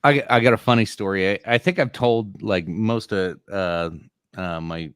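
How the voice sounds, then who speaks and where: Animated middle-aged man telling a story. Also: fairly low pitch, normal speed, clear, resonant tone, dry recording, clean studio sound. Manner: animated, laughing, swearing storyteller. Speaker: podcast co-host. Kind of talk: casual storytelling on a live stream.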